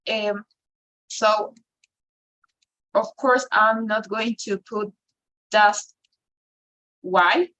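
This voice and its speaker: Speaking in a bright, forceful, medium-pitched voice, a woman whose first language is Spanish leads an English grammar lesson. The recording quality is poor. She often slips into Spanish for explanations and checks in by ending phrases with "right?"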